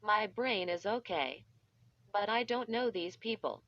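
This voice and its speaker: A woman's voice: medium pitch, animated, a little slow, a bit bright. A woman's voice, likely synthetic, reading the lines of a frightened, confused young boy who pleads in distress. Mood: pleading. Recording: dull lo-fi.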